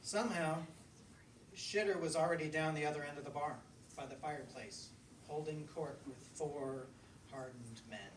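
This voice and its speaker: A man with a fairly high voice reads his own story to a live audience in a bookstore. He sounds relaxed and chatty between passages. The mic sits far off in a roomy space with a clear hum of noise behind him. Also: normal speed. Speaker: author reading his fiction. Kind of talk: live reading at a book launch. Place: bookstore event room. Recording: echoey room, distant mic, crowd hum.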